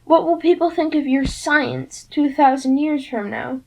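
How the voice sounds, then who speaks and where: A sneering, impatient pudgy camp director who scoffs at mortals, as a woman reader puts him on. His lines drawl out with open contempt. The voice sits somewhat high. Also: unhurried, a little hiss or hum, low-quality recording. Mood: scornful.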